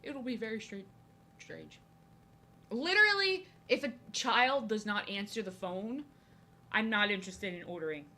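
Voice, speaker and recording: A young woman from New Jersey chats loosely while she draws on a stream. Her voice is bright and forward at a middle pitch. She rambles, circles back and says things twice. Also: slight background noise. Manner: chatty, rambling, repeats herself. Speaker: art streamer. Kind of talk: casual chat while drawing.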